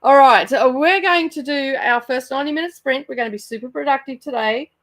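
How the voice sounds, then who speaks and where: A woman's voice: high-pitched, brisk. A woman from Australia with an Australian accent, chatting casually on her home livestream, greeting viewers and laughing often while sounding a little tired. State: sluggish and tired. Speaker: channel host running a reading sprint livestream. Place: home room by her bookshelves.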